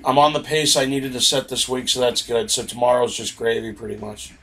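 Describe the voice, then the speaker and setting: A man in casual chat, talking in a relaxed, hesitant way with lots of fillers. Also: medium pitch, brisk, poor audio.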